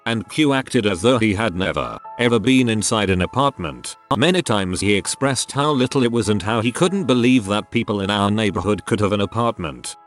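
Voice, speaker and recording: A man narrating reader-submitted stories in a steady, even read-aloud delivery. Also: lowish voice. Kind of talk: scripted narration.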